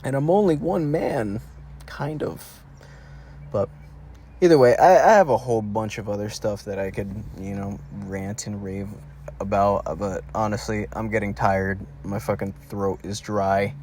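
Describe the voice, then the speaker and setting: A man's voice: on the low side, fairly even intonation, normal speed, a little mellow, slight background noise. A young man rambling through a profane solo monologue, full of restarts and rants. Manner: profane, meandering, ranting with frequent restarts. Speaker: solo podcast host.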